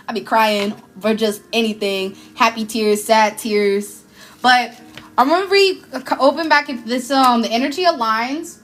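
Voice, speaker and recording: A woman's voice: on the high side, fairly bright tone. A woman, giving an emotional, effusive live tarot reading in casual slang. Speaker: tarot reader. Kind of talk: live spiritual card reading.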